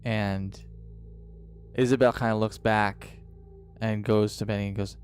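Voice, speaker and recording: A man narrating a tabletop game as game master, in a dramatic, drawn-out style with pauses. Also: fairly low pitch, little pitch movement, soft background music.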